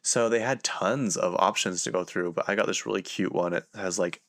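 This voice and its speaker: A young man with a low voice tells a loose, chatty story for his podcast. He keeps stopping mid-sentence and circling back, with plenty of "like" along the way. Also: fairly quick, a bit bright. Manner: rambling, filler-heavy, self-interrupting. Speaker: podcast host. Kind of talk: casual storytelling monologue.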